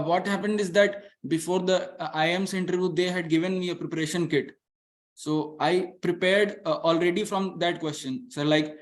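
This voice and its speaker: A student from India asking his teachers for advice, deferential and halting, saying "sir" often. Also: fairly high pitch. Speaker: student caller.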